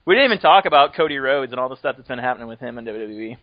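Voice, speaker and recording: Talking very fast with lively intonation, a man hosts a podcast in easygoing, rambling chat full of jokes and frequent laughter. His middle-register voice is medium in pitch, and the audio has no room sound, dry and close, with a dull lo-fi call feel.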